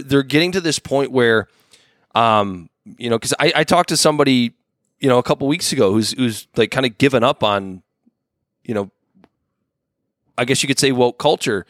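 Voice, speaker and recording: A man's voice: mid-range voice, lively intonation, moderate pace, dry recording, studio quality. Rambling, profane man in his thirties. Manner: rambling, many restarts and fillers; profane, laughs often. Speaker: podcast co-host. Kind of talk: casual chat.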